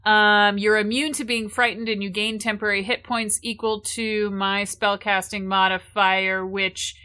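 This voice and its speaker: A woman's voice: medium pitch, level tone, unhurried, bright, forceful tone, smooth. A woman playing a tabletop game in casual chat, making dry, wry remarks. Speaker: player.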